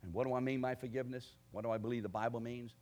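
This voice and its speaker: A man preaching a sermon, asking his congregation direct questions and building to forceful declarations. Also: medium pitch, fairly even intonation, rapid-fire. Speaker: pastor.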